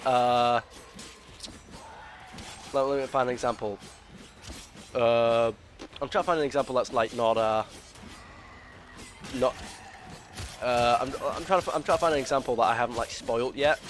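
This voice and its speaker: This gaming video creator has a mid-range, slightly bright voice, with a little hiss or hum in the recording. He rambles through casual gameplay commentary, full of opinions, restarts and filler words, explaining things at length.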